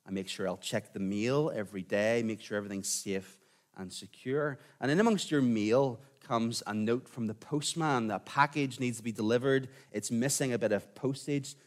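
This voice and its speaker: A man preaching a sermon in a conversational way, sometimes dropping to a quiet, intense tone. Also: medium pitch, normal speed. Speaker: pastor.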